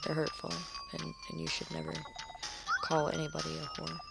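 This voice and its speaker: A woman commenting on her own video game play, excitable and rambling, swearing loudly at the game. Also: deep voice, normal speed, vocal fry, long pauses. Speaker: gaming channel host. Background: video game music.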